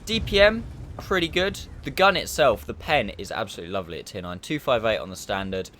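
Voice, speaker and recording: A man giving relaxed, rambling commentary over his own gameplay, often restarting his sentences. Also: on the low side, fast talker, slight background noise. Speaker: gaming YouTuber.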